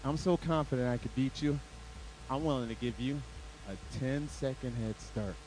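A man's voice: medium pitch, moderate pace, darkish tone, a little hiss or hum, voice pushed down, close to an everyday voice, rough recording. A man doing a cocky older brother. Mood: boastful. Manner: boastful, teasing.

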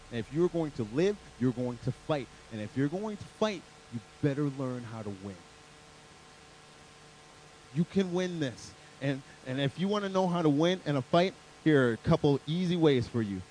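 A man giving a sermon as a guest speaker, swinging from quiet pleading to loud preaching. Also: mid-range voice, slight background noise, rough recording. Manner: preaching with big swings from hushed to shouting.

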